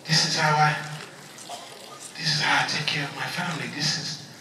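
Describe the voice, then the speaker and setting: A man's voice: a little high, level tone, moderate pace, noisy background, natural voice. A man voicing a bewildered immigrant mother with a Haitian accent, speaking hesitantly and pleading. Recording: echoey convention hall from far off.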